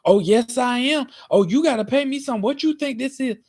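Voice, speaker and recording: Man doing a pushy young guy, cocky, insistent, slightly higher voice, louder. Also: normal speed, vocal fry, exaggerated voice. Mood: haggling. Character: pushy young male friend haggling over a price.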